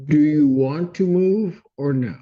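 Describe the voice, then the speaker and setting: Male judge asking questions real slow and firm, mellow voice, dull court audio. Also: on the high side.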